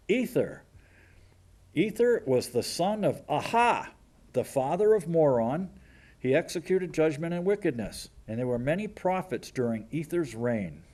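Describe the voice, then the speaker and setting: A man's voice: medium pitch, a little mellow. A man in his sixties giving sardonic local TV news commentary, mocking and rambling with jokey asides. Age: 60s.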